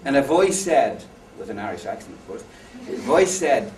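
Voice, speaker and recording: Speaking at a moderate pace with hardly any pauses, a man with a darkish, medium-pitched voice and big pitch swings lectures an audience on education at a conference. He's anecdotal and jokey and asks listeners questions. The mic is far away in an echoey hall, with faint noise.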